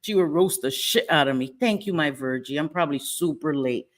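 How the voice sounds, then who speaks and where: A woman's voice: low-pitched, fairly quick. A woman with an American accent hosting a casual livestream, answering chat messages, laughing often and swearing casually. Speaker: livestream host.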